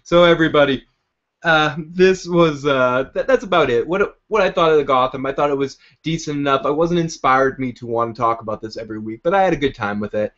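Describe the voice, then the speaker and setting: A man's voice: fairly high pitch, a little fast, fairly bright tone, lo-fi sound. Rambling man recapping a TV episode. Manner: rambling, chuckling, acts out scenes. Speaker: show recap host. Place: basement.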